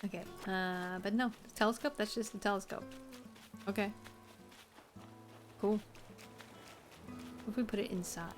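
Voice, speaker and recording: A woman's voice: mid-range voice, steady tone, moderate pace, pauses often. A woman streamer chatting casually while she plays a game, wry and self-mocking with rambling asides. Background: faint game music.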